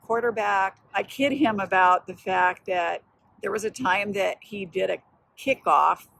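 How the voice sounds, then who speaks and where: A woman's voice: mid-range voice, unhurried, vocal fry, rough recording. An older woman hosting a casual vlog outdoors in a park. She tells family stories in a reflective, encouraging way. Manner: warm, reflective, encouraging talk about family. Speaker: host. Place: outdoors in a park, walking and resting. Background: music.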